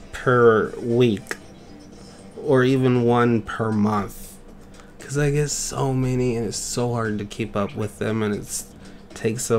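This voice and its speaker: A man hosting a game channel, chatting casually and goofily as he gushes over fan art his viewers sent in. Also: mid-range voice. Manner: playful and goofy, gushing over viewers' art. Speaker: YouTube game channel host.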